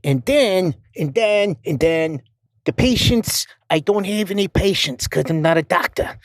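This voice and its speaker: A man's voice: high-pitched, lively intonation, a little slow, dry recording, studio quality. A man voicing a nervous, stammering middle-aged male accountant who leaves a rambling voicemail. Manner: stammering, repeating words, flustered. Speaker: voicemail caller.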